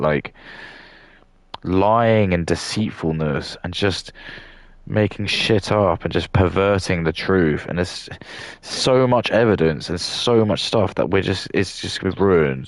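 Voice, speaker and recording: Young southern english guy, super low voice with loads of fry, rambles on, dry close mic. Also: no room sound. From southern England. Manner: rambling, many fillers and restarts. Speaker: streamer. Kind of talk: casual rambling monologue.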